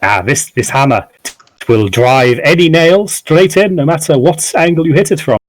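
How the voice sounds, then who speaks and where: A man's voice: a little high, moderate pace, dry recording, voice pushed up, natural voice, poor audio. A man voicing a sleepy, chatty elderly male curio merchant with rambling, filler-laden sales patter. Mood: salesy.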